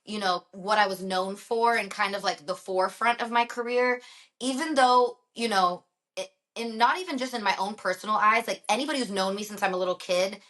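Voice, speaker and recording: Woman with slight country twang, bright voice, chatty and upbeat, podcast guest. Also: medium pitch, brisk. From Los Angeles. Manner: chatty, upbeat, laughs easily, says "like" often. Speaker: guest, singer. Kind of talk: casual interview chat.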